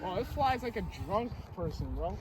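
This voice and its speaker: Guy vlogging outside, high bouncy voice, goofy self-mocking, lots of background noise. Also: moderate pace, far from the mic. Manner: playful, self-mocking, excitable. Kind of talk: joking vlog commentary. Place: outdoors and in a workshop.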